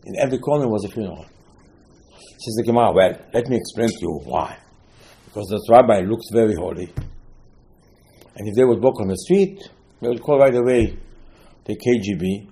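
A man's voice: lowish voice, lively intonation, brisk, pauses often, warm tone, slight background noise. A man teaching Talmud in an informal lecture, telling stories animatedly, asking rhetorical questions and often restarting his sentences.

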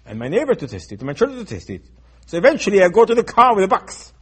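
Husky-voiced man giving a dramatic sermon. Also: high voice, huge pitch swings, very fast. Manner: dramatic storytelling, voicing characters, swings from loud to hushed. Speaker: rabbi giving a Torah talk.

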